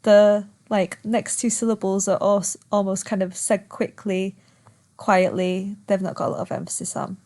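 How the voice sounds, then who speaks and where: A woman teaching a recorded online lesson, calmly explaining step by step and drawing out words to show their stress. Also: mid-range voice, normal speed.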